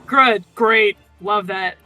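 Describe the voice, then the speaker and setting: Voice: mid-range voice, takes it slowly, bright, forceful tone, faint music behind. A player in a tabletop game, speaking dryly and sarcastically. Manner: dry, sarcastic.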